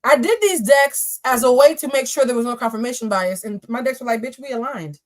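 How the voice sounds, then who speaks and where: A young woman does tarot readings on a live stream, trading casual, profane jokes and asides with her viewers. Her voice is fairly high and she talks fairly fast.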